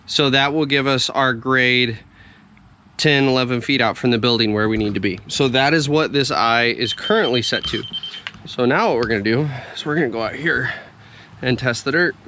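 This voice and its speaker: Chewing slightly, a man who runs heavy equipment strolls around a construction site, griping and walking through his tasks one step at a time in a laid-back vlog. He speaks at medium pitch and a moderate pace against a noisy background.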